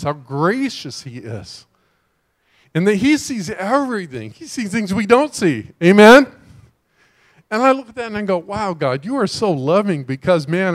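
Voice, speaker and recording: A man delivers a sermon in a slightly higher-pitched voice. He talks to the congregation like a friend, then bursts into loud, excited exclamations. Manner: animated, conversational preaching with sudden loud exclamations. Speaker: pastor.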